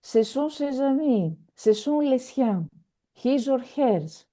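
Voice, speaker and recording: A woman's voice: high-pitched, animated, slow, mellow. Patient woman teaching French. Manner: patient, repeats words, many fillers. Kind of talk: online language lesson.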